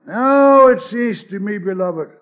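High-voiced, slow preacher on lo-fi tape. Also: male voice, expressive, faint music behind. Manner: earnest, emphatic, addresses listeners as beloved. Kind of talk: sermon.

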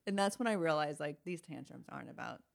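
A woman in her thirties with a somewhat low voice, chatting freely about home life. She tells her stories in a loose, rambling way, leaning on "like" between phrases. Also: animated, fast, gravelly. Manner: chatty storyteller, frequent "like" fillers. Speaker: parent and auditioning performer. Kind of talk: casual chat.

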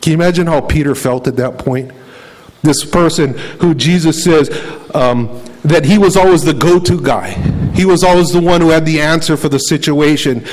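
Man preaching, fairly high voice, dramatic storytelling, questions to the congregation. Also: moderate pace, darkish tone, low-quality recording. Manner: dramatic retelling with quoted voices. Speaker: pastor. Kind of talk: sermon retelling a story.

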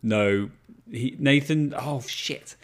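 Gravelly-voiced man in animated podcast chat. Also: mid-range voice, takes it slowly. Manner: animated, swearing, lots of restarts. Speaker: podcast co-host. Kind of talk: casual movie review chat.

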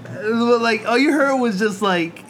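A man's voice: very high-pitched, unhurried, a bit bright. A man co-hosting a podcast in casual chat, telling crude, rambling stories and laughing often. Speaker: podcast co-host. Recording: noisy room ambience.

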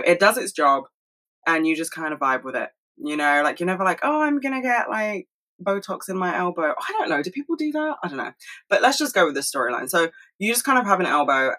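A woman talking fast and candidly to her camera at home, swearing freely in a casual solo monologue. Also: low-pitched, bright, forceful tone, rough recording. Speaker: solo video host.

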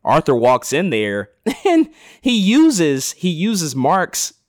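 A man's voice: a little high, wildly swooping pitch, takes it slowly, no echo, studio quality. A man co-hosting a podcast, talking casually about a TV episode with lots of fillers and restarts. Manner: enthusiastic, many fillers and restarts. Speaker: podcast co-host.

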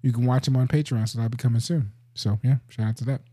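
A man's voice: mid-range voice, steady tone, fast, mellow. A young male podcast host talking casually with his friends. He is laid-back and full of slang, and he laughs easily between points. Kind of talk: casual chat.

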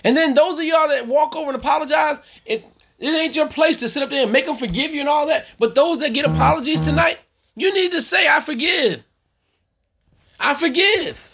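High-voiced emphatic male marriage coach. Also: quick pace, gravelly, fairly bright tone. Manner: emphatic, preacher-like, repeats exhortations. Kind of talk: church workshop talk.

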